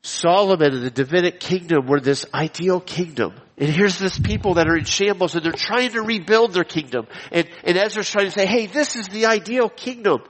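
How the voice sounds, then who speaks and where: Male preacher, a bit high-pitched, emphatic and repetitive, recorded with a long hall echo. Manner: emphatic, repeats key phrases, slows down for stress. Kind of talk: expository sermon with scripture reading. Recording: long reverb of a large hall.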